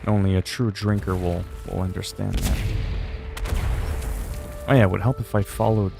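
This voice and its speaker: Forties male streamer, lowish voice, loose rambling chat with crude jokes, faint music under. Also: steady tone, moderate pace, gravelly. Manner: rambling, crude joking asides. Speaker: game streamer. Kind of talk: casual livestream chat.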